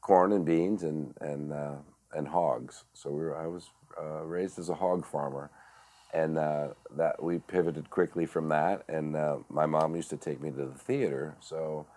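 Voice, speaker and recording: Guest: middle-aged man with a very deep voice, halting and reflective, lots of fillers. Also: steady tone, dark tone. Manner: halting, many fillers and restarts. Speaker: guest, director and actor. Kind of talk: reflective storytelling.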